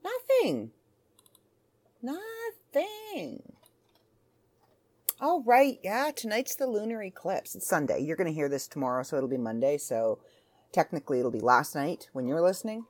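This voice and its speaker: Low-voiced woman rambling on her podcast. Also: animated, fairly quick, a little mellow. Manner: rambling, self-interrupting, chatty. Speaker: podcast host. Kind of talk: casual solo podcast chat. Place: home.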